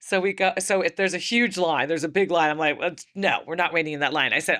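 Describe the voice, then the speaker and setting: Bright-voiced woman telling a lively story. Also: on the low side, fast talker, few pauses. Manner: acts out quoted voices, laughs often. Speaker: podcast host. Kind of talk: animated storytelling.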